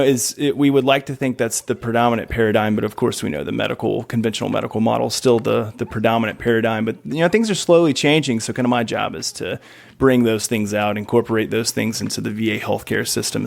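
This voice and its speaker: A man in his thirties with a slight Southern US accent, chatting as a podcast guest. His voice has a gravelly edge, and he jokes about himself and laughs easily. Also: lowish voice, steady tone, fast talker. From South Carolina, USA. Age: 30s. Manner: laughs easily, self-deprecating joking. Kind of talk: casual interview chat.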